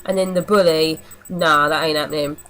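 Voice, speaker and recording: A woman's voice: deep voice, steady tone, moderate pace, fairly bright tone, poor audio. Woman, young adult, casual video review, blunt, mocking, rambling. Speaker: horror film reviewer.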